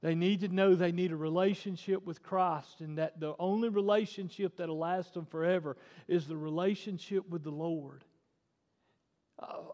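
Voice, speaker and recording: A man in his forties preaching with a high, ringing voice. He drops to near-quiet, then climbs back to forceful emphasis. His words trail off into the long echo of a church hall. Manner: emphatic preaching that swings between hushed and loud. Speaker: pastor. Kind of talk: sermon. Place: church sanctuary.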